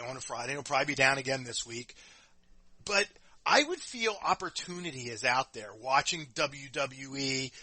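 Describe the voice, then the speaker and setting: A man with a husky, bright voice riding a lively, swooping pitch as he co-hosts a casual talk show. He is blunt and swears freely, and the sound is close and dry with no room around it. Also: no room sound. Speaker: podcast co-host.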